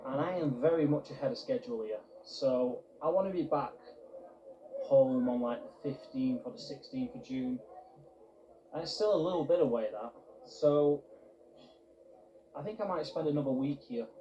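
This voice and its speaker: A man tells a travel story to his camera in an earnest, reflective way. His voice sits at an ordinary middle pitch. The sound is roomy and open, with clear outdoor noise underneath. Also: moderate pace, pauses often, warm tone, lo-fi sound. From United Kingdom. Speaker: travel vlogger. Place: outdoors in a park.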